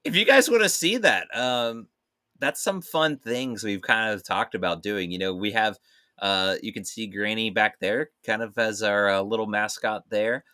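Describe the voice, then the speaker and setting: Animated bright-voiced male co-host. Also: on the low side, moderate pace. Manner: animated, playful, breaks into silly voices. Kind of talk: casual live-stream chat.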